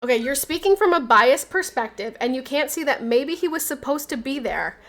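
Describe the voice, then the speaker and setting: A woman's voice: high voice, animated, fairly quick, a bit bright. A woman livestreaming from home in a casual chat, arguing back at her chat with emphatic, insistent points.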